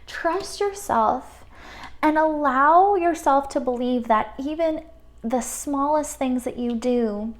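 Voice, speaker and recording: Gentle, affirming woman tarot reader. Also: high-pitched, unhurried. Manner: gentle, affirming, emotional, with frequent fillers. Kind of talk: pick-a-card spiritual reading.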